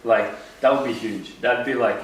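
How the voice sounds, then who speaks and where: A man's voice: mid-range voice, fairly even intonation, normal speed, a loud crowd. A man with an Australian accent, co-hosting a casual podcast chat and rambling with lots of likes and restarts. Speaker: podcast co-host. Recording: roomy echo, distant mic.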